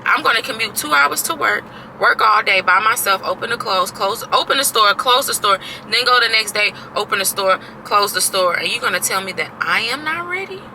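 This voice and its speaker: A woman in her thirties vents to camera in a casual, exasperated way, repeating her points for emphasis and swearing freely. Her voice is very bright and sharp. A faint hum of street traffic sits behind her. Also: medium pitch, expressive, fairly quick, poor audio. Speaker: vlogger.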